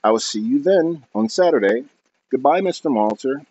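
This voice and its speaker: A man's voice: mid-range voice, expressive, normal speed, warm tone, slightly rough. A man doing a polite, hesitant teenage boy. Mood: earnest. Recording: dull lo-fi recording.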